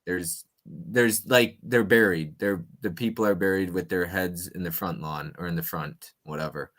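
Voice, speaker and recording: A man hosting a casual movie-trivia chat, playful and restless, his voice jumping between loud and quiet. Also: low-pitched, moderate pace. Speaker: host.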